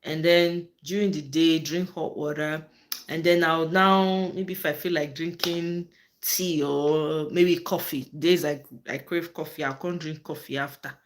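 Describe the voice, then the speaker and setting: A woman's voice: low voice, fairly even intonation, a little slow. A woman with a Nigerian accent hosting a casual live-stream chat, switching into Pidgin and answering viewers by name. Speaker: host of a live political chat channel.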